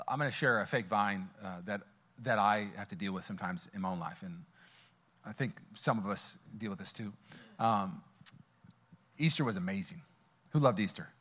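Animated man preaching a sermon. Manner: animated, swings from loud and high to quiet and intimate; casual, storytelling, many fillers and restarts. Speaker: pastor. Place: church auditorium.

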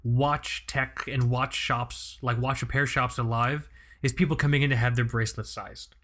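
A young adult man hosts a podcast at a moderate pace, his medium-pitched voice pushed and bright with fairly even intonation. Chatting casually, he rambles through a story full of restarts.

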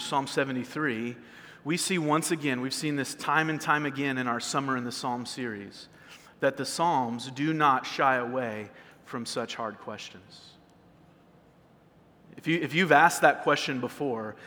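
A man's voice: on the high side, sharp tone, in a large hall. A male pastor preaching a sermon in a conversational way, often repeating words as he restarts a phrase. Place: church sanctuary.

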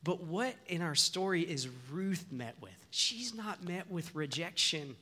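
A man's voice: high-pitched, animated, a little slow, bright, forceful tone. A pastor giving an earnest, conversational sermon in church, often restarting his sentences.

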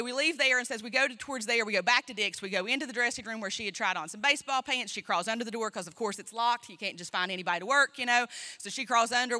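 Bright, chatty woman pastor telling a story. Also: a little high. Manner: chatty, self-mocking, full of asides. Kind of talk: storytelling sermon. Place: church.

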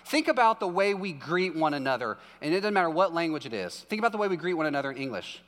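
Pastor, male, chatty sermon delivery with jokey asides, slightly high voice, reverberant hall. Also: big pitch swings, fast, fairly bright tone. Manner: conversational preaching with jokey asides.

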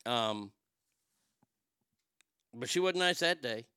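A middle-aged man telling a long personal story in a profane, wisecracking way, with quick asides and voices for the people in it. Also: mid-range voice, lively intonation, sharp tone, clear, resonant tone, no room sound, clean studio sound. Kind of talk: casual storytelling monologue.

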